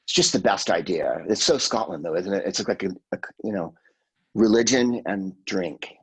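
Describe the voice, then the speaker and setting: A husky man in his sixties, talking as a podcast guest in a fairly low voice. He rambles through profane stories and drops into quick impressions of the people he quotes. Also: expressive, low-quality recording. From California, USA. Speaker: guest comedian. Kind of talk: casual podcast chat.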